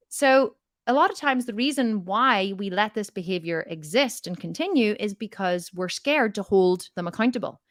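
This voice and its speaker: A woman's voice: mid-range voice, no echo, clean studio sound. A middle-aged woman giving motivational coaching in a question-and-answer talk, emphatic and repeating her points for weight. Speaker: fitness and mindset coach.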